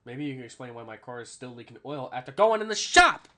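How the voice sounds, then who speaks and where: Male podcast host, bright forceful voice, rambly, swears, keeps saying "all right?". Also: medium pitch, sing-song, fast. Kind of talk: casual sports podcast chat.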